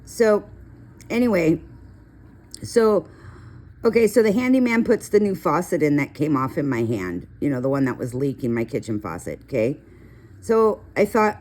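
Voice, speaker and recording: Speaking a little slowly in a low, animated voice, a middle-aged woman chats her way through a coloring tutorial. While she works she tells meandering stories and wanders off on tangents.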